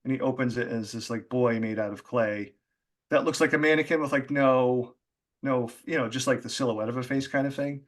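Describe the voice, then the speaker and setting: Male author guest, mid-pitch, casual rambling talker with fillers. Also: fairly even intonation, a little fast. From Boston area. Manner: rambling, chatty, many fillers and laughs. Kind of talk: casual conversation.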